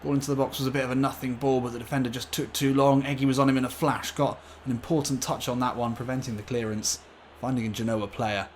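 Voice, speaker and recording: A man commentating on his own football video game play, getting excitable at the chances. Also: medium pitch, fast, slight background noise. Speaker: gaming YouTuber. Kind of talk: gameplay commentary.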